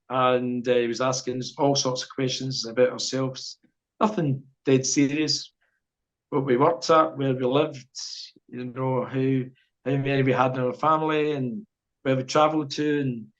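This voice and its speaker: A man's voice: medium pitch, steady tone, moderate pace. A middle-aged Scottish man telling a long anecdote as a podcast guest, rambling and chuckling as he goes. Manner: rambling storyteller, chuckles often. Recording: dull lo-fi podcast audio.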